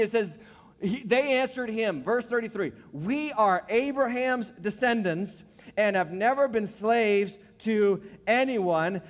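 A man with a very high voice preaches to his congregation, pressing each point with repetition and deliberate slow stretches. His words ring out with a long reverb in a large church hall. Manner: emphatic preacher, repeats key phrases, slows for emphasis. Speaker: pastor. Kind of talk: sermon. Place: church sanctuary.

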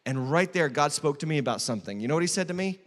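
Lead pastor, male, high bright voice, emphatic sermon delivery, big hall echo. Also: expressive, quick pace. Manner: emphatic preaching, swinging from loud to hushed. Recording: long hall reverb.

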